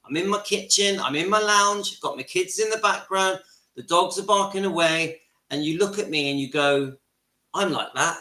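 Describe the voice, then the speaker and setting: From his home's kitchen and lounge, a middle-aged channel host gives a fervent monologue, hammering phrases by repeating them. His voice sits high and bright, forceful at a normal speed, with reverberation around it.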